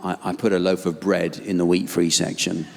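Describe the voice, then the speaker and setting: A man with an English accent doing a live stand-up routine in a dry, weary, deadpan manner on a theatre stage. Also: deep voice, normal speed, gravelly, slight background noise. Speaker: stand-up comedian. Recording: live theatre with long hall reverb. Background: audience laughter and ambience.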